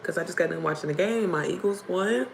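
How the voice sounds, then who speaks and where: A young woman with a hoarse voice, hosting a casual livestream and chatting directly to her viewers. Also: fairly low pitch, fast talker, noisy background. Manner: chatty, addresses viewers as y'all and baby. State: hoarse from screaming. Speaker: livestream host.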